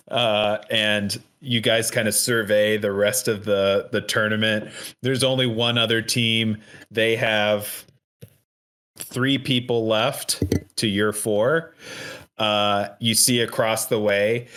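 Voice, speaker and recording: A man narrates a tabletop role-playing game as its game master. He speaks slowly and easily, laughing often as the action unfolds. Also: lowish voice, level tone, fairly bright tone, clear, resonant tone.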